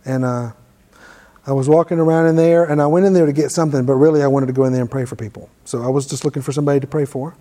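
Warm-voiced man teaching in a reverberant hall. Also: medium pitch, steady tone, rapid-fire. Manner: conversational, self-deprecating storyteller. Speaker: ministry teacher. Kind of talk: informal teaching with personal story.

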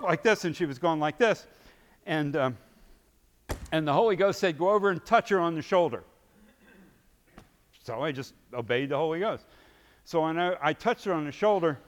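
A fairly high-voiced man preaching in a big hall whose long echo trails after his words. He tells his story with energy, acting out scenes and swinging between hushed asides and booming peaks. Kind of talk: sermon storytelling.

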